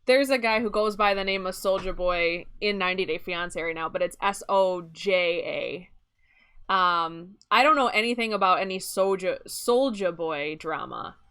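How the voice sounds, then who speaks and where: A young woman with a Midwestern lilt talks casually through a game stream. Her voice is smooth and clean, and she wanders from thought to thought with frequent laughs. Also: on the low side, normal speed, a bit bright. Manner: chatty and rambling, often laughing. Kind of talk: casual chat while streaming gameplay.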